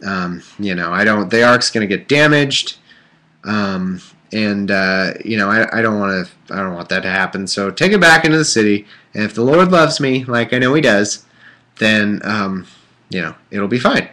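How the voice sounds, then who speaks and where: A man's voice: fairly low pitch, moderate pace, sharp tone. A man reading the Bible aloud on a casual livestream, breaking off into irreverent jokes and rambling asides full of fillers. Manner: irreverent, joking asides between scripture passages; rambling with many fillers and restarts.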